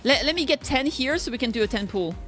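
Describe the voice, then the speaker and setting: A woman streamer chats with her viewers in a bright, high voice, bubbly and playful, poking fun at herself. Soft game music plays faintly behind her. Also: expressive, fast. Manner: bubbly, playful, self-mocking, chatting with viewers. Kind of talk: casual gaming livestream chat.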